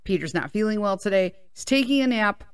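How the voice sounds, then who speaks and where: A woman's voice: mid-range voice, lively intonation, brisk, clean tone. A woman in her fifties hosting her own podcast, talking casually and candidly and swearing freely, recorded at a microphone in a small home studio. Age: 50s. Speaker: podcast host. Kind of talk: casual solo podcast chat.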